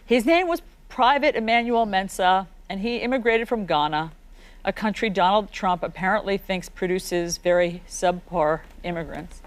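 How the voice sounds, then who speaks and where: A woman's voice: mid-range voice, normal speed, clean tone. A woman news anchor leading a live discussion, speaking earnestly as she reads out a quote.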